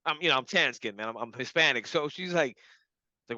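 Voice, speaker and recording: A young man recounts a strange personal experience in a relaxed, animated way, laughing and acting out what others said. His voice is bright and forceful. The recording is dry and a bit dull, with a lo-fi feel. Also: medium pitch, fairly quick, no room sound. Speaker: hypnotherapy client. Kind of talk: casual storytelling testimonial.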